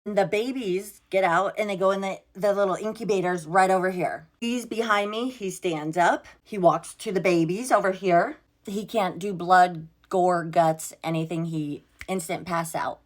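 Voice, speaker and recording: A young woman telling a storytime vlog in a casual, exasperated way, swearing freely and acting out what everyone said. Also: mid-range voice. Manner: exasperated, swears freely, quotes herself and others.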